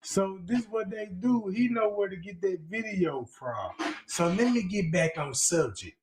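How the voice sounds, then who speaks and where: A man's voice: sits high, animated, darkish tone, echoey room, slight background noise. A man hosting a livestream, giving crude, mocking, profane commentary. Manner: mocking, profane, drawn-out delivery. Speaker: livestream host.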